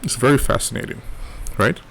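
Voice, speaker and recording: A man's voice: brisk, a bit bright. A man teaching a live trading lesson in a casual coaching way, often checking in with "right?". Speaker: trading educator.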